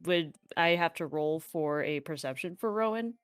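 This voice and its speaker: A woman playing in a tabletop game, making quick, casual asides to the game master. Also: deep voice, clean tone, no echo, clean studio sound. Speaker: player. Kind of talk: casual chat.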